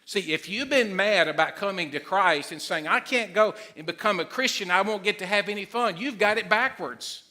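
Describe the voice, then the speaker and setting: A middle-aged man preaching a sermon as pastor, excitable and emphatic, loud at times. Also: high-pitched, moderate pace, hardly any pauses.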